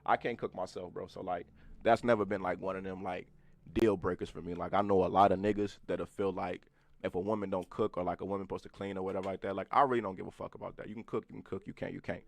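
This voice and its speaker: A man's voice: sits low, steady tone, quick pace, gravelly, no room sound. A man in his twenties co-hosting a podcast, chatting loosely and profanely, laughing often and talking to the live chat. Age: 20s. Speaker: podcast co-host. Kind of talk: casual chat.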